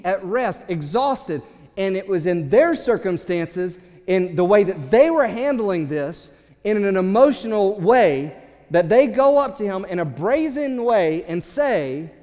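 Impassioned male preacher in a reverberant hall. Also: sits high. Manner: impassioned preaching, swings from loud to hushed. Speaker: pastor. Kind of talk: sermon.

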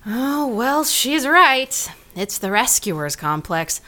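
A woman's voice: on the high side, big pitch swings, slow pace, sharp tone, full character voice. A young woman in a comedy sketch, playing her own effusive, melodramatic emotional side. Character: young woman's gushing, dramatic emotional self.

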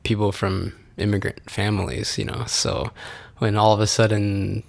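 A man guesting on a podcast in casual chat, hesitant and soft-spoken with many fillers. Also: fairly low pitch, flat delivery, moderate pace, gravelly.

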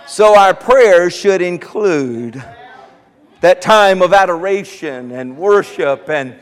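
A man preaching a sermon on prayer, fervent and at times rising into shouts. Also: high voice, expressive, takes it slowly, in a large hall, some chatter behind, low-quality recording.

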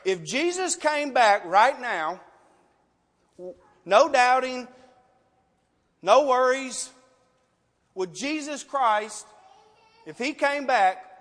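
High-pitched guy preaching, emotional and loud, lots of questions, big echoey church hall. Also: expressive, drawn-out words, pauses often. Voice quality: passionate, emotional, loud at times. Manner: rhetorical questions, pleading. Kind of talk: sermon with altar call. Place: church sanctuary. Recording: long reverb of a large hall.

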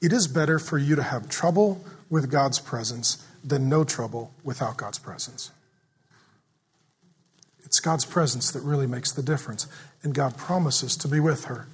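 A middle-aged man preaching a sermon, swinging from loud emphatic passages to a soft, fatherly hush. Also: fairly high pitch, moderate pace, breathy edge. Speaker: pastor.

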